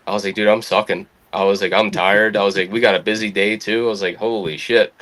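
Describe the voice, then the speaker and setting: A young adult man spins a casual anecdote with a slightly low voice. He swears freely and lifts his pitch to act out the people he quotes. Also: steady tone, fast talker, a bit bright. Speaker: podcast guest. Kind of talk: casual storytelling.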